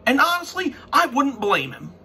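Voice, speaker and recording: A man's voice: very high-pitched, huge pitch swings, moderate pace, bright, forceful tone, a little hiss or hum. Fired-up man ranting about football. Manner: frustrated, swearing, restarts sentences. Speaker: sports fan vlogger. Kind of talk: profane sports rant.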